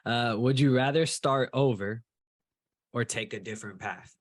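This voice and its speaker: A man hosting a podcast, asking relaxed, chatty questions full of fillers over a video call. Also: medium pitch, moderate pace. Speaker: podcast host.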